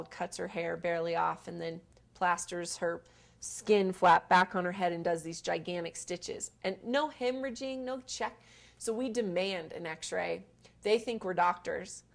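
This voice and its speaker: A woman's voice: fairly low pitch, vocal fry. Woman telling an urgent, vivid story. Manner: vivid, urgent retelling with sudden bursts of emphasis. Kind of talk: candid personal storytelling.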